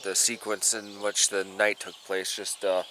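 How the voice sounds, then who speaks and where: A man's voice: lowish voice, flat delivery, a little slow, bright, forceful tone, slight background noise. A man casually narrating a hiking vlog at an outdoor campsite, rambling with many fillers. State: stuffed up from allergies. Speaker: vlogger.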